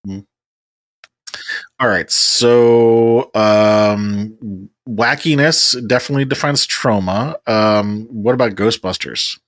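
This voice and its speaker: Easygoing low-voiced male podcast host. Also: takes it slowly, a bit bright, roomy sound. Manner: brief, easygoing questions and responses. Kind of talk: casual interview chat.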